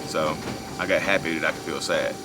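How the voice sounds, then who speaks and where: A man's voice: rumbling low, fairly even intonation, a little fast. A man filming a casual vlog at a beach, talking through his feelings in a rambling, repetitive way and often asking "you know what I mean". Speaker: vlogger discussing his own narcissism. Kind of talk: casual unscripted monologue. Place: outdoors at a beach. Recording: outdoor ambience with passing traffic.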